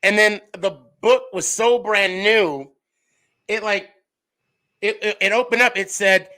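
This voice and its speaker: A middle-aged man hosts a podcast in casual chat, telling stories with big swings in loudness and pitch. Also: steady tone, unhurried, poor audio. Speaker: podcast host.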